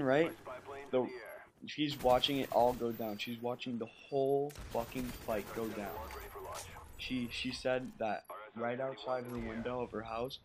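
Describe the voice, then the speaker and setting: A man's voice: mid-range voice, noisy background. A young man doing casual voice-over commentary over gameplay, nervous and stumbling, often repeating words and asking "right?".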